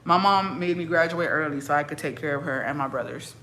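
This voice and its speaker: Low-pitched and a bit bright, this young woman's voice moves briskly as she chats casually with her stream viewers, cursing and speaking bluntly. Raised in a Mexican-American family, she mixes Spanish into her accented English over slight background noise.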